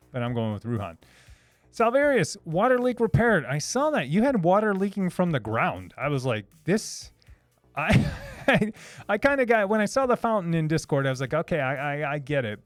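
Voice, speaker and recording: A man's voice: a little high, no echo. A man hosting a casual live stream, answering chat questions in a hesitant, restarting way. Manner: hesitant, many restarts, reads chat aloud.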